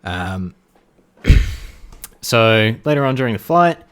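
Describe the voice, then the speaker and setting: A man co-hosting a podcast, telling jokes in casual chat, animated and swearing. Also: fairly low pitch, takes it slowly, clear, resonant tone. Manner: animated storyteller, swearing, laughs at his own jokes. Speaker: podcast co-host.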